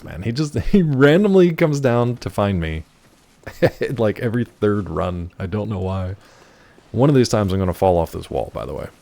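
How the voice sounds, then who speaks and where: A man's voice: low-pitched, vocal fry, a little mellow. A young man streaming a game live, chatting in a playful, chatty way that keeps breaking off mid-thought. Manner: playful, chatty, self-interrupting. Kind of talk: live gameplay commentary.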